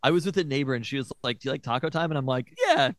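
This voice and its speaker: A man's voice: medium pitch, racing, no room sound, clean studio sound. A man co-hosting a casual podcast, telling a funny story about a food argument with a laugh in his voice. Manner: laughing, animated, self-mocking. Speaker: podcast co-host. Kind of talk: casual chat.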